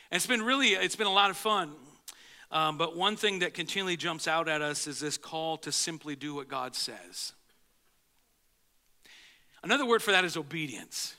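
A man preaching a sermon in a church, conversational and halting, often restarting his sentences and dropping low and slow for emphasis. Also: pushed and bright. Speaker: pastor. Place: church sanctuary.

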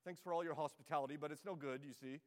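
Evasive, flustered male ghost, voiced by a man reading aloud, high voice, hall reverb. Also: fairly even intonation, fast, lightly acted. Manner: hedging, evasive, politely flustered. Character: dithering, excuse-making male ghost from hell.

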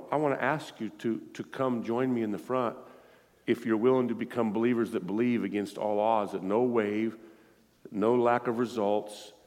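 A middle-aged guest preacher gives an emotional sermon in a church sanctuary, earnestly pleading as he tells a story and sometimes sounding tearful. His voice is fairly low with a darkish tone, and the sound carries a big-room quality.

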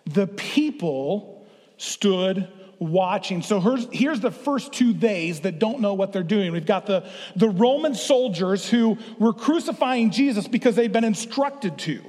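A man's voice: high-pitched, animated, normal speed, darkish tone. A middle-aged man preaching a sermon as pastor, playful and drawing the congregation into the reading. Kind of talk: interactive sermon. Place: church sanctuary. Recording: long hall reverb.

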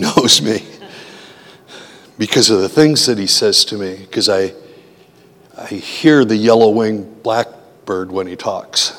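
A man's voice: fairly low pitch, fairly bright tone. A man preaching a sermon in a conversational way, often asking his listeners questions. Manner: conversational, asks the audience questions. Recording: long hall reverb.

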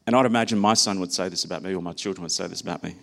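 A man preaches a sermon in a low-pitched voice. His delivery is conversational and personal, and he folds stories from his own family into the message. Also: rapid-fire, creaky.

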